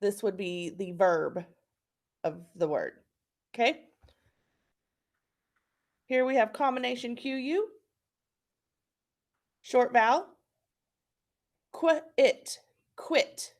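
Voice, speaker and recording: A woman's voice: fairly high pitch, takes it slowly, pauses often. A woman teacher leading a patient, encouraging phonics lesson for young children.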